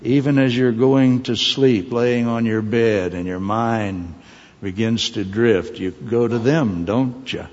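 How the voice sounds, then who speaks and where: Man preaching, lively and rambly with little jokes, muffled echoey hall sound. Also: medium pitch, slow pace. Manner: animated, digressive, joking asides. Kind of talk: sermon. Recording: dull sound with long hall reverb.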